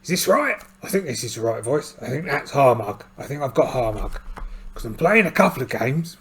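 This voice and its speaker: A man's voice: mid-range voice, slightly rough. A middle-aged man narrating his solo tabletop game in a rambling, self-deprecating, casual way. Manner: chatty, self-deprecating, meandering with restarts.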